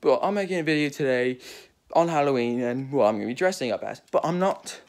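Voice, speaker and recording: A man's voice: medium pitch, lively intonation, brisk, darkish tone. A man who is not British talks in a put-on British accent while hosting a casual video, and he rambles in a chatty, self-deprecating way. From not Britain. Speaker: video host. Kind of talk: casual vlog intro.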